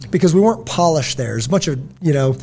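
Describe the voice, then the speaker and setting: Animated storytelling man, faint hum. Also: on the high side, fast talker, vocal fry. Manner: storytelling, animated, acts out quotes. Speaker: podcast host. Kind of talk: casual conversation.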